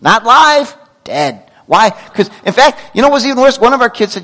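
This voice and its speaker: A middle-aged man preaching a sermon as pastor, telling stories with lively asides and quick self-corrections. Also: extremely high pitch, a little hiss or hum, rough recording.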